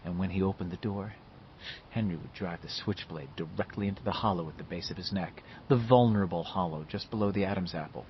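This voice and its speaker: A man reading a novel aloud as scripted narration, telling the story in a measured, lively way. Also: deep voice, lo-fi sound, a little hiss or hum. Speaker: audiobook narrator.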